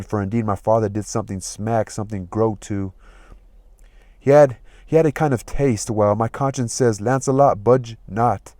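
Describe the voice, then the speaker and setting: A man's voice: on the low side, a little mellow, no room sound, close to an everyday voice. A man voicing a comic young male servant, reading the old lines plainly and then retelling them in everyday speech. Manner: reads old verse plainly, then retells it in modern slang.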